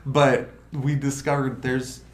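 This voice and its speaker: A man hosting a casual livestream chat, talking in an animated, rambling way full of restarts. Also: medium pitch, slow. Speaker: crypto project host. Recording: roomy room with faint noise.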